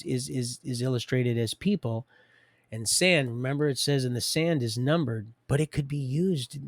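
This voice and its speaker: A man's voice: mid-range voice, no room sound. A man hosting a livestream, rambling and preachy, talking straight to his viewers. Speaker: livestream host.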